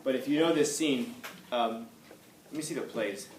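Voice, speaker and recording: A man's voice: mid-range voice, moderate pace, darkish tone. A man teaching a class in a casual, conversational way, repeating key points for emphasis, recorded in an echoey classroom from some distance. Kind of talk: classroom lecture. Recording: echoey room, far from mic, faint noise.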